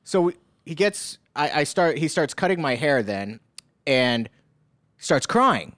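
A man's voice: a little high, slow, no echo. A man tells a story in casual chat, his voice climbing and swooping with a lot of movement and sitting a little above the usual male register. He laughs through his lines as he goes. The sound is dry and close, with no room around it. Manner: animated anecdote with frequent laughs.

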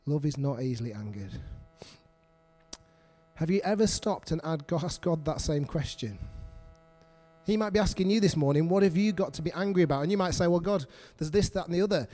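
A man's voice: on the high side, lively intonation, normal speed, dark tone. A middle-aged man preaching a sermon, earnest and repetitive, putting questions to the congregation.

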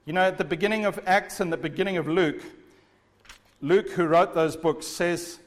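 A man with a notably high voice delivers an emphatic sermon, stressing his points and putting questions to his listeners. His words ring out with a long reverb, as if in a large hall or church. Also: normal speed. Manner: emphatic, asks the audience rhetorical questions. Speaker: preacher.

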